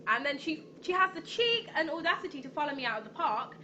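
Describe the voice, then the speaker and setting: A young woman tells a personal story to her viewers, rambling and restarting with frequent ums. Her voice sits a little high, and there is a noisy hiss behind her. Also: lively intonation, fast, few pauses. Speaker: vlogger. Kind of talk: storytime vlog.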